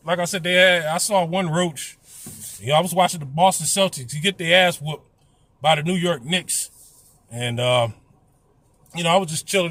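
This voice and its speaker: A man's voice: a little high, bright, forceful tone, no echo. A middle-aged man telling a casual, profane story, blunt and complaining. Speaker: vlogger.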